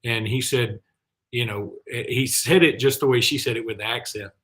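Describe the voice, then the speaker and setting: A man hosting a sports talk show, chatty and rambling, and quick to poke fun at himself. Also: mid-range voice, a bit bright. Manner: chatty, rambling, self-deprecating. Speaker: host.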